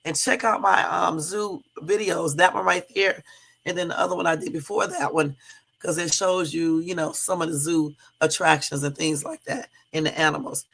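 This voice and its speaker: A woman's voice: fairly low pitch, fairly even intonation, moderate pace, gravelly, a bit bright, slightly rough. A woman hosting her own livestream, talking casually and chattily to her viewers and laughing easily. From Southern California. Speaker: livestream host.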